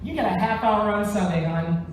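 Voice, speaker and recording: A man quoting a brisk bar owner. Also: high voice, recorded from a distance, background noise, close to an everyday voice. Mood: breezy. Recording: very echoey theater, mic from afar.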